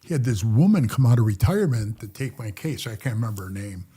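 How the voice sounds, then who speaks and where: A middle-aged man telling prison stories as a podcast guest, blunt and profane, often dropping to low mutters as he recounts conversations. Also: animated, fast, dark tone, slightly rough. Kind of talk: casual storytelling interview.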